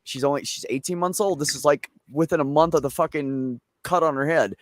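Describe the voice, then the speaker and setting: A man's voice: a little high, brisk, no echo, clean studio sound. A man hosting a casual chat show, telling long rambling family stories with plenty of swearing. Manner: profane, rambling anecdotes. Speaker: show host.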